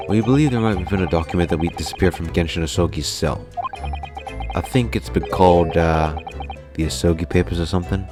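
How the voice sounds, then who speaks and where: A man reads video game dialogue aloud in a casual, halting way. His voice is deep and low. Game music plays clearly behind him. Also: very animated. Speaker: let's play narrator.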